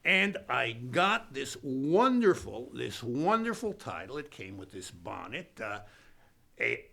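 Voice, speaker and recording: A man doing a boastful, bombastic comic monologue as a pundit character, swinging between booming lines and hushed asides. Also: sing-song, slow, gravelly.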